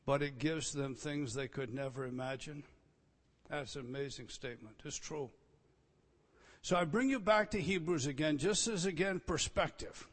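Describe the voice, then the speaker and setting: Emphatic male preacher delivering a sermon, slightly high voice, recorded with long reverb in a big hall. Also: normal speed. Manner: emphatic, swings between loud declarations and quiet asides. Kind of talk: expository sermon.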